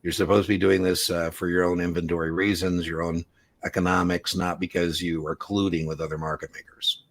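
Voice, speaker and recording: A man with a fairly low voice leads an exam prep class. He explains things casually and leans on everyday analogies to make his points. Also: level tone, fairly quick. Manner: casual explanatory, uses analogies and acted quotes.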